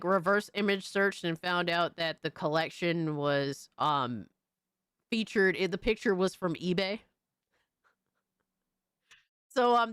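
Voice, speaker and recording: A woman streamer giving casual commentary, animated and mocking, swearing freely. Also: lowish voice, clean tone, no room sound, studio quality.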